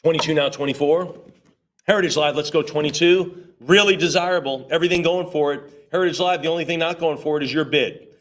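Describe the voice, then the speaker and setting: A man with a slightly high, fairly bright voice works a live auction, chanting bids over and over at speed. Between the figures he tosses in playful jokes.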